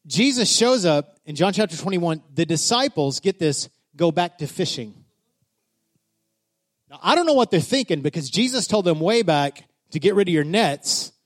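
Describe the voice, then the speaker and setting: Brief: male pastor, high voice, animated sermon storyteller. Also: moderate pace. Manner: animated storyteller, builds to shouting.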